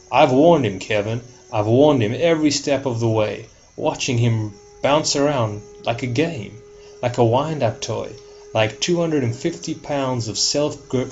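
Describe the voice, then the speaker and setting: A man's voice: mid-range voice, darkish tone. A man reciting a film monologue as a scheming, mocking male devil, with a put-on accent, in a dull lo-fi recording.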